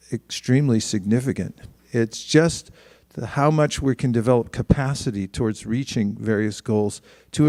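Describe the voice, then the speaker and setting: A man's voice: mid-range voice, mellow, dry recording. A man giving a spiritual talk in a conversational way, often restarting his sentences and livening up for quoted asides.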